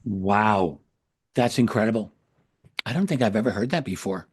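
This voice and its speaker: A man's voice: on the low side, lively intonation, slight background noise. A man hosting an interview show, speaking earnestly and carefully, correcting himself as he goes. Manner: earnest, measured, self-correcting. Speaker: podcast host. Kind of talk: casual interview chat.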